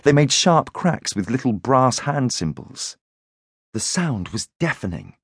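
A man narrating an audiobook thriller in a measured, grave storytelling manner. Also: mid-range voice, big pitch swings, husky, no echo, clean studio sound. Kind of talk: scripted narration.

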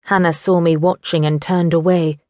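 A woman narrating a teen novel in first person, measured and wry. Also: lowish voice, flat delivery, a little mellow, no echo, studio quality. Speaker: audiobook narrator. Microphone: studio microphone.

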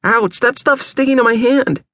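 A man's voice: very high voice, moderate pace, bright, forceful tone, no echo, pitched above the performer's own voice, full character voice. A man voicing a grumpy, drowsy teenage boy camper who gives sullen, clipped replies. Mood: yelping.

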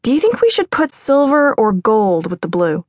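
A brisk, teasing grown woman from a big noisy family, voiced by a woman reading an audiobook. Her voice sits noticeably higher and brighter than plain narration. It is recorded dry and close in a booth. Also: sing-song, no room sound. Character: lively grown woman, Greek family daughter. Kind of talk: audiobook character voice.

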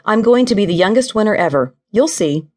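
A woman's voice: medium pitch, animated, fairly quick, a little mellow, voice pushed up, lightly acted. A woman reading an eager proud teenage boy.

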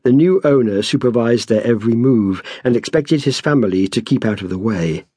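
A man's voice: medium pitch, brisk, warm tone, husky, no echo. Man reading a novel aloud, dry. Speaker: author and narrator. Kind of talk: scripted audiobook narration.

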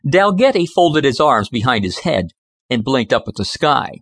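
A man narrating an audiobook in a measured, expressive storytelling style on a close studio mic. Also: medium pitch, no room sound. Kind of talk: scripted narration.

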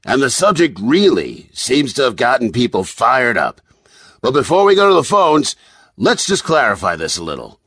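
Guy voicing a peppy tv talk show host, bouncy and eager, a bit husky. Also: mid-range voice, big pitch swings, normal speed, a bit bright, dry recording, pitched above the performer's own voice, full character voice. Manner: upbeat, eager questioning.

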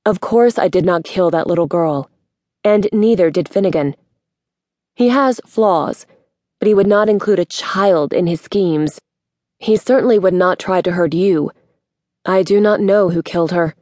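A woman voicing a secretive woman spy who speaks calmly and formally without contractions, in a dry recording. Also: fairly low pitch, unhurried, dry recording, close to an everyday voice. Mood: firm.

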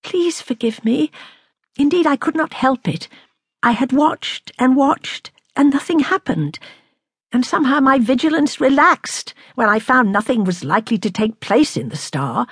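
A woman reading the part of an anxious, impulsive titled lady who talks imploringly and excitably. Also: a little high, normal speed, hardly any pauses, slightly rough, no room sound, clean studio sound, voice pushed up, exaggerated voice. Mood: pleading. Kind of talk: audiobook character reading.

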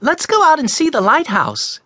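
A male audiobook narrator voicing an eager, always-hungry little boy, lively and excited. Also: very high voice, normal speed, dry recording, voice pushed up, exaggerated voice. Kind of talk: audiobook character voice.

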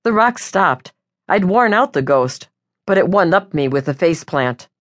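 A woman narrating a first-person audiobook in a wry, lively way. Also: on the low side, normal speed.

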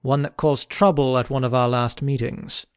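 Brief: man reading an earnest, commanding king from an audiobook; even-pitched voice, dry recording. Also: normal speed, clean tone, no echo, close to an everyday voice.

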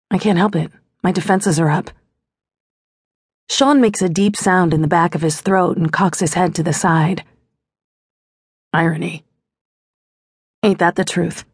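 A woman's voice: on the low side, husky, no echo. A woman narrating a first-person romance audiobook in a wry, intimate storytelling manner on a close studio mic.

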